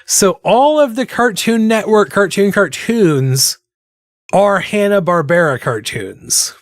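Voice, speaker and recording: He's a streaming artist with a high voice, lively intonation, and a slow pace, chatting idly as he draws. Tangents and jokes at his own expense run through it, recorded in studio quality without room sound.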